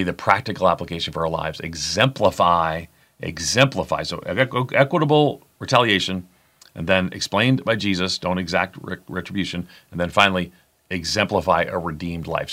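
A man's voice: sits low, fairly bright tone. A middle-aged man preaching a conversational sermon as a pastor, often checking in with the congregation by asking "right?". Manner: conversational, frequent "right?" tag questions.

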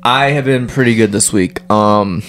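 A man's voice: lowish voice, moderate pace, a bit bright, soft background music. A man hosting a podcast and chatting casually about entertainment news in an upbeat way. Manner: upbeat, lists topics. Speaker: podcast host. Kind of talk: casual chat.

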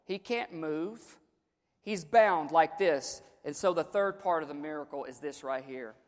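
A man preaching an Easter sermon in a church, swinging between quiet storytelling with joking asides and dramatic shouted build-ups. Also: fairly high pitch, measured pace, big-room sound. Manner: humorous asides. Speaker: pastor.

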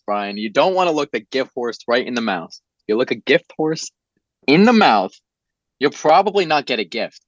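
A man's voice: mid-range voice, very animated, moderate pace, no room sound. A young man co-hosting a comedy podcast, playful and rambling, often laughing. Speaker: podcast co-host. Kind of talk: comedic casual chat. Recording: dry, slightly dull audio.

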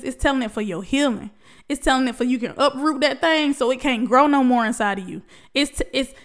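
Woman, high pitch, heartfelt motivational talk, preachy, emotional, talks straight to viewers. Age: adult, past college. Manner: emotional, preachy, addresses listeners as baby and y'all. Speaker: vlogger.

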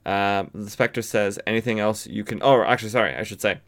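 A man's voice: lowish voice, brisk, fairly bright tone. A man hosting a podcast, recapping a comic book story in a casual, chatty way with lots of filler and wry asides. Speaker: podcast host.

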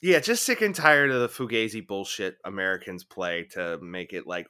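A man's voice: low voice, expressive, normal speed, hardly any pauses, sharp tone. A young man with a chest cold, co-hosting a casual sports podcast, talking emphatically and swearing freely. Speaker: podcast co-host.

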